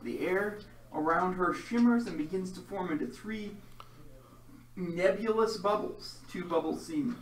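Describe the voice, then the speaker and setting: Game master man in an echoey room. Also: sits high. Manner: steady descriptive narration mixed with quick rule calls. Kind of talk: narrating a tabletop role-playing game. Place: room with several players. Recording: roomy sound from a distant mic, crowd chatter.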